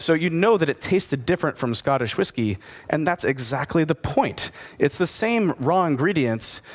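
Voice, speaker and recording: A man giving a conversational conference presentation, enthusiastic and asking his audience questions. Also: medium pitch. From United States. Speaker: distillery speaker at a whisky forum.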